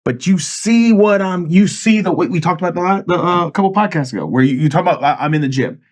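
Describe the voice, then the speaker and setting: A man's voice: high-pitched, animated, fast. A man hosting a podcast, talking in a profane, emphatic way and acting out quoted lines as he tells a story. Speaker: podcast host. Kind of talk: casual podcast chat.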